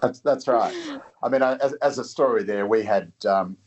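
A middle-aged man, a guest author talking in a halting way and often repeating his words. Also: lowish voice. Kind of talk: casual interview talk.

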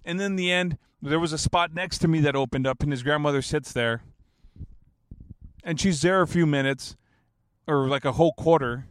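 A man's voice: fairly high pitch, moderate pace. A man in his thirties telling a story in a casual, rambling way, swearing freely and laughing at his own jokes. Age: 30s. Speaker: basketball fan telling a story.

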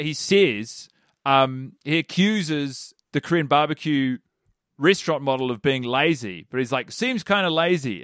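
A man's voice: fairly high pitch, fairly bright tone, no echo, clean studio sound. Rambling man on a comedy podcast. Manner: rambling, lots of filler likes. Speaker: podcast co-host. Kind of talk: casual comedy review chat.

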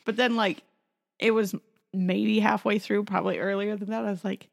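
A woman's voice: mid-range voice, flat delivery, normal speed, gravelly. A woman with a Midwestern American accent and a mid-range voice co-hosts a podcast. She talks casually with a wry edge and laughs easily. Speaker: podcast co-host. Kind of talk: casual chat.

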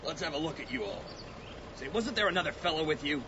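A man plays a suspicious, hostile ranch guard in a radio drama who questions people in a sneering drawl, his voice pitched a bit high. The sound is dull, with a clear hiss behind him. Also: lively intonation, fast talker.

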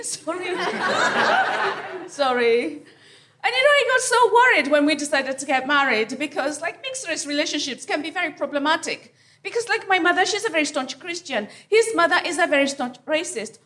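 High, lively woman doing stand-up. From Africa. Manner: punchy, teasing delivery with pauses for laughs. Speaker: stand-up comedian. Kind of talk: live stand-up set. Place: comedy venue stage before a live audience. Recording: live room with audience laughter.

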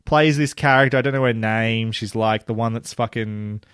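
A man, co-hosting a casual podcast chat about a TV show, animated and laughing often, swearing freely. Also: on the low side, moderate pace, clear, resonant tone, no echo, clean studio sound. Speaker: podcast co-host.

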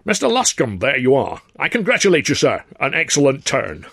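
A man's voice: medium pitch, huge pitch swings, a little fast, vocal fry, fairly bright tone, slightly rough, dry recording, voice pushed up, heavily acted. A burly, self-assured theatre grandee holding court with easy authority, as a male narrator puts him on. The voice is lifted slightly above the reader's own. It sounds dry and close-miked. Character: burly older male theatre club president, commanding. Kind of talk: audiobook character voice.

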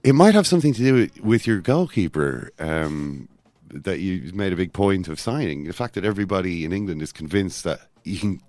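A man co-hosting a casual football podcast, talking in rambling, self-interrupting runs with animated asides. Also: low voice, brisk, hardly any pauses, no echo. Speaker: podcast co-host.

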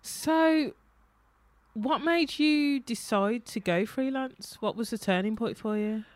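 A woman's voice: on the high side, slow pace, no echo. A woman hosting a podcast interview, encouraging and affirming her guest. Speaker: podcast host. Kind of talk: conversational interview.

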